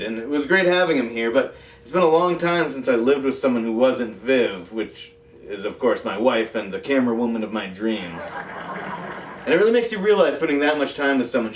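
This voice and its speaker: Deadpan comedy show host guy, kinda far from the mic, echoey, little music under it. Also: medium pitch. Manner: dry, deadpan, self-mocking asides. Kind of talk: comic monologue. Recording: roomy echo, off mic, faint music.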